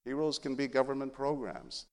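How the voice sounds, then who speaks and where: A middle-aged man from San Antonio tells his life story in an animated, humorous way. His pitch rises and falls a lot. A long reverb hangs after each phrase, as in a large hall. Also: normal speed. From San Antonio, Texas. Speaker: journalist giving a talk. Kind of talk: storytelling speech.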